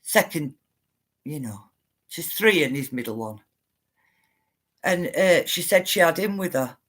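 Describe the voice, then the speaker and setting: A woman's voice: deep voice, expressive, measured pace, a bit bright, slightly rough. Middle-aged woman, earnest and insistent storyteller addressing her viewers. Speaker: spiritual livestreamer.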